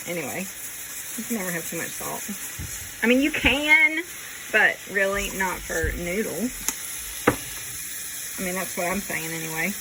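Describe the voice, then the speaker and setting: Her voice fairly low and animated, a woman talks at a measured pace with long pauses while cooking on camera in her home kitchen. She's folksy and chatty, joking with herself as food fries and sizzles in the noisy background.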